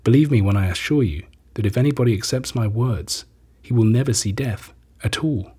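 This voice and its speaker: A man reading scripture, giving Jesus's lines in a measured, solemn way. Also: mid-range voice, dark tone, slightly rough. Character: Jesus, a calm, authoritative teacher, adult man.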